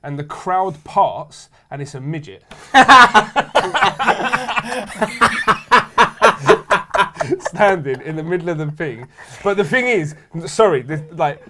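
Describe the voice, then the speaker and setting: A man's voice: on the high side, normal speed, noisy background. A man, a podcast co-host, telling a story in casual chat and laughing through the funny parts. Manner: lively, laughs through his own story.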